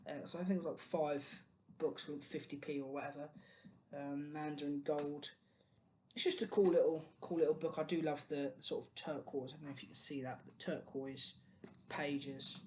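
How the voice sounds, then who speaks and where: British book vlogger, mid-pitched, chatty and meandering, faint noise behind. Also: a little mellow. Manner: rambling, many ums and restarts, chatty. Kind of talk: casual book haul chat.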